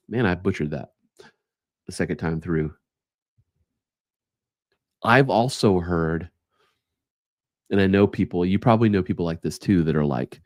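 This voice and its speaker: A man's voice: deep voice, unhurried, pauses often, no room sound, clean studio sound. A man hosting a solo podcast, reading short quotes aloud and reflecting on them in a casual, thoughtful way. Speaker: podcast host.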